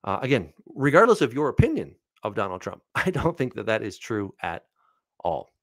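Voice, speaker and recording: A man's voice: fairly low pitch, normal speed, dry recording. A man answering viewers' Bible questions in a casual, conversational way, reading verses aloud and asking his listeners rhetorical questions. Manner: animated and conversational, with frequent "all right" and "right?".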